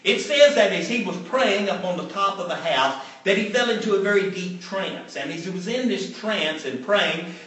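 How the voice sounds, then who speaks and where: Man, preacher, sermon, storytelling, emphatic repetition, lively swooping pitch, heavy echo, distant mic. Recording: very echoey room, mic far off.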